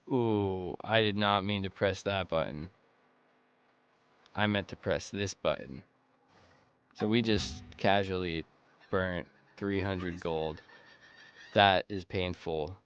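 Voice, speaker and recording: Deep, smooth-voiced man thinking aloud. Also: muffled recording. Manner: rambling, thinks aloud while playing. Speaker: gameplay commentator. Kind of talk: casual let's-play commentary.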